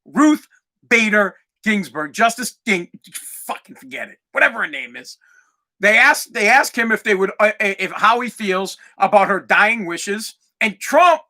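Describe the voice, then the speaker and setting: A man hosting his own podcast, ranting crudely and excitably with lots of swearing. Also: high-pitched, measured pace. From United States. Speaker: podcast host. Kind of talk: profane ranting monologue.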